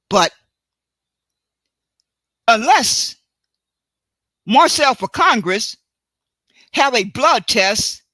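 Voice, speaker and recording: A woman hosting a solo live stream, talking in a deliberate, emphatic way and often stopping to correct and repeat herself. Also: fairly high pitch, sharp tone, dry recording. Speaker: livestream host. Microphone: computer mic for a live stream.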